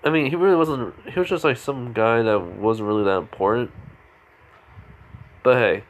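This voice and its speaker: A man's voice: mid-range voice, moderate pace. A man casually retelling a fan story, rambling with many fillers and restarts.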